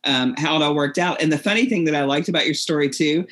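A woman's voice: sits low, fast. A woman co-hosting a recovery podcast, reflective and storytelling, laughing often. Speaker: podcast co-host. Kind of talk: casual chat about recovery.

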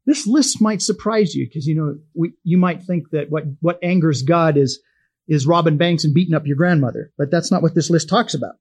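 Husky-voiced folksy male Bible teacher. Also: fairly high pitch, brisk, darkish tone. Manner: homespun, chuckling, conversational storyteller.

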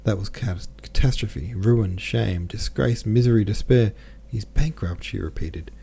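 A man reading a classic novel aloud as an audiobook narrator, in a measured, even storytelling manner. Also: on the low side, gravelly, slightly rough. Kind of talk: scripted literary narration.

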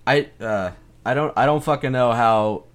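A man's voice: mid-range voice, normal speed, smooth. A young adult man, a comedian, telling a story in casual, rambling talk full of swearing and laughter. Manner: rambling, profane, laughing often. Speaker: comedian guest.

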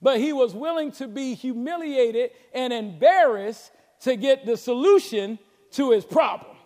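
A man preaching a sermon as pastor, with a Southern American accent and call-and-response delivery that builds to shouts. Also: very high-pitched, animated, unhurried. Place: large church sanctuary. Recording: long hall reverb.

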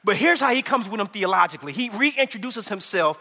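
A man preaching a sermon as associate pastor, animated and humorous, calling out to the congregation. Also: sits high, fairly quick, long reverb tail.

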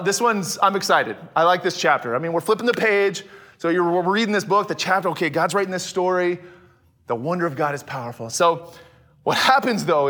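A man preaching a sermon, animated, often dropping to a hushed voice for emphasis. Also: sits high. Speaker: pastor.

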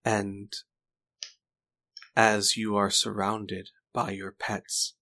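A man narrating a tabletop game as game master, describing the scene in a halting way. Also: fairly low pitch, monotone, pushed and bright.

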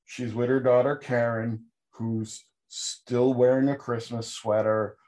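A man co-hosting a podcast, recapping a horror movie with sarcastic jokes. His voice sits mid-range, and he leaps suddenly upward in pitch when he lands a punchline. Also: takes it slowly. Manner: animated sarcastic storytelling with sudden pitch jumps. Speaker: podcast co-host. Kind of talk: casual comedic film review chat.

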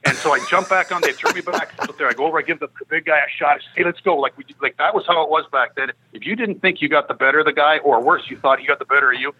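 A middle-aged man telling a lively hockey story on a podcast, laughing and acting out what people said. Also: on the high side, rapid-fire, few pauses, slight background noise, rough recording. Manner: animated, laughing, acting out quotes. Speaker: guest storyteller, former hockey player.

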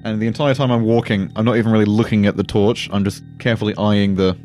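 Fast-talking joking man at a game table. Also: on the low side, steady tone, darkish tone, faint music behind. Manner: joking, teases the other players. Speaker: player.

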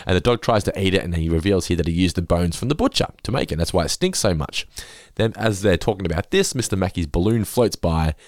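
Low, lively man, giggly. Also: quick pace, few pauses, no echo, studio quality. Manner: giggly, jumps into animated impressions when quoting. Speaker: podcast host. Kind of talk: casual recap chat.

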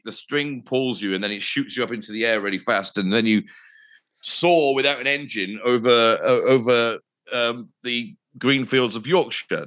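A man's voice: mid-range voice, pushed and bright. A man, a radio presenter telling anecdotes casually, swearing freely and laughing at himself. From England.

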